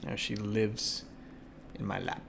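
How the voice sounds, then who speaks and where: A man live-streaming a game from his home computer desk, chatting casually with viewers and cooing softly at his cat. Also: on the low side, flat delivery, slow, gravelly, noisy background. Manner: chatty, talks to his cat in a soft doting voice.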